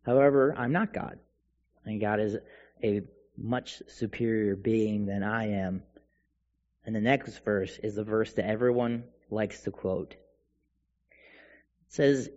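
A man's voice: fairly low pitch, slow, long pauses, darkish tone. A man preaching a sermon, animatedly retelling a scripture passage and voicing its speakers in dialogue. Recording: dull sound with long hall reverb.

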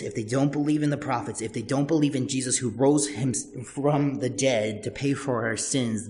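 A man's voice: mid-range voice, normal speed, few pauses, a little mellow. Preaching man in a reverberant hall. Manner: earnest preaching with repeated phrases. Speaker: pastor. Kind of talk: sermon. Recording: long church-hall reverb.

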